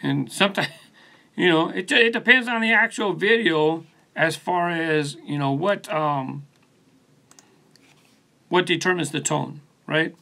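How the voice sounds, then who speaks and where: A man's voice: a little high, takes it slowly, vocal fry, pauses often, pushed and bright. A man hosting his own channel, chatting casually on a live stream from his studio and answering viewers by name in a laid-back, rambling way, recorded on a phone set on a post. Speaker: channel host. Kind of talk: casual live stream chat reading comments.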